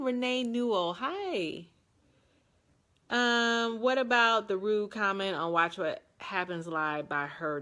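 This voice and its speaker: A woman's voice: medium pitch, sharp tone. A woman in her forties from Detroit, chatting casually as she answers viewer comments, rambling with lots of ums and playful self-mockery. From Detroit, USA. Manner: unhurried and rambling, with frequent ums and restarts. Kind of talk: casual live chat reading comments.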